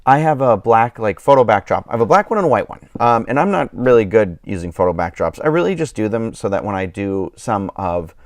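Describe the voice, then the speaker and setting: Tired guy rambling on his live stream, lowish voice, dry close sound, lots of ums. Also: big pitch swings, brisk, few pauses, no room sound. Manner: rambling, many fillers and restarts. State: tired, yawning. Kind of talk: casual chat.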